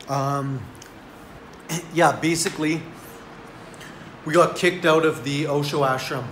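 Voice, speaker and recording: A man's voice: a little high, fairly bright tone, echoey room, slight background noise. A man telling a story in a casual vlog, laid-back and rambling, with lots of "like". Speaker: vlogger.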